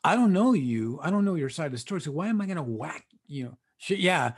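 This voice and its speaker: Raspy gravelly man, laid-back slang. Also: a little high, sing-song, fast talker. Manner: laid-back slang, mixes in Spanish words. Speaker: podcast co-host. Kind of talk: casual chat.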